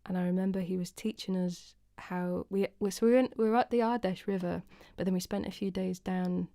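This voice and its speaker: A woman's voice: on the low side, fairly even intonation, brisk, warm tone, dry recording. A young woman from the UK hosting her weekly live stream, chatting casually and self-deprecatingly with viewers, greeting them by name and rambling through stories. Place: home, indoors.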